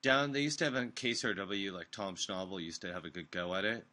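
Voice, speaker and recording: Animated rambling man telling stories. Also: deep voice, fairly quick. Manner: rambling, animated storytelling with profanity. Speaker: host. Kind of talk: casual chat. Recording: recorded live on an online stream.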